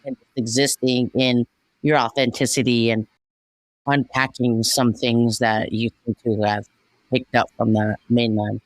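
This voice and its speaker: A man hosting a podcast interview, relaxed and conversational, explaining things for listeners. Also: mid-range voice, measured pace, dry recording, low-quality recording. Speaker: podcast host.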